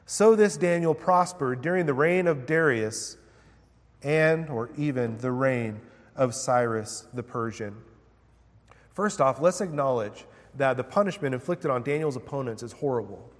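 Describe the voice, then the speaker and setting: A man's voice: mid-range voice, animated, measured pace, big-room sound. A man preaching a sermon, reading scripture aloud with dramatic emphasis and then explaining it in plain words. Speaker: pastor.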